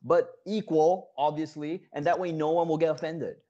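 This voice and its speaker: A man's voice: a little high, fairly even intonation, moderate pace, mellow, lo-fi sound. A man doing comedic sketch banter as a correspondent, mock-indignant and heated, with lots of uh fillers.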